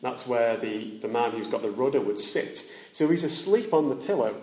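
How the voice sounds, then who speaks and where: A man preaching a sermon in a church, his voice ringing in the room. He talks plainly, at an everyday middle pitch, and often turns to his listeners with direct questions. On the weightiest points he sinks soft and low. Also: lively intonation, normal speed. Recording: echoey room.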